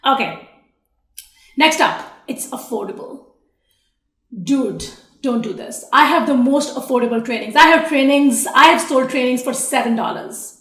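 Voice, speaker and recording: A woman's voice: high-pitched, measured pace, fairly bright tone, echoey room. A woman teaching sales copy in a blunt, sassy way, swearing casually as she goes. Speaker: online marketing coach. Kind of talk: talking-head teaching video.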